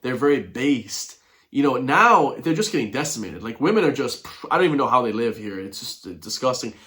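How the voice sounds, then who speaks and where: Irish male vlogger, mid pitch, indignant ranting commentary. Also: big pitch swings, fairly quick, pushed and bright. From Ireland. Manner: indignant, blunt, keeps addressing viewers as guys. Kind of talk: ranting commentary on news clips.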